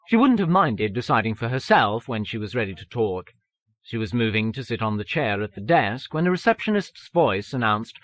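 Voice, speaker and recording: A man's voice: mid-range voice, sing-song, normal speed, fairly bright tone, no room sound. Man narrating an audiobook, dry studio. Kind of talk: scripted narration.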